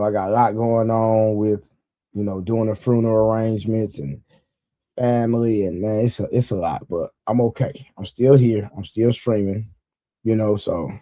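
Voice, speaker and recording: A man's voice: fairly low pitch, fairly even intonation, moderate pace, warm tone. A man hosting a casual livestream, talking loosely and repeating himself, laughing often and reading viewers' comments aloud to his chat. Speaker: livestream host.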